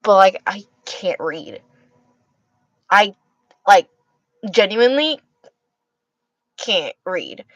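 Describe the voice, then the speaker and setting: A woman's voice: medium pitch, big pitch swings, drawn-out words, long pauses, no echo, muffled recording. A tired young woman hosting a livestream, chatting casually and rambling with many restarts as she answers her chat. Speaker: livestream host reading chat.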